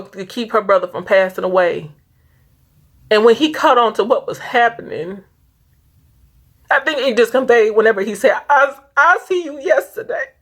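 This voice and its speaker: Tearful and struggling not to cry, a woman from around Saint Louis rambles earnestly through a casual movie review vlog. Her medium-pitched voice is a bit bright, and she frequently breaks off and starts over.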